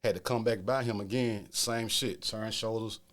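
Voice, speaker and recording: A man's voice: fairly low pitch, fairly even intonation, normal speed, fairly bright tone. A middle-aged man with a New Orleans accent telling a story in casual chat, streetwise, often asking "you feel me?". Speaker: podcast host telling a story.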